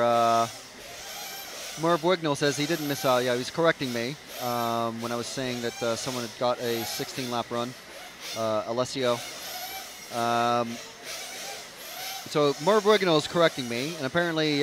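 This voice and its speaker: Trackside at an outdoor race, a man with a medium-pitched voice talks at a measured pace amid background noise. He rambles chattily through live commentary, filling it with plenty of fillers.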